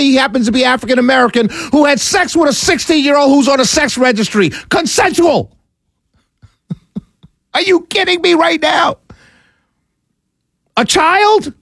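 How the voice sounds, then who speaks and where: A man's voice: very high voice, fairly bright tone, dry recording, studio quality. A man giving ranting commentary to his audience, exasperated and incredulous, often stammering and laughing in disbelief. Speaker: political commentator.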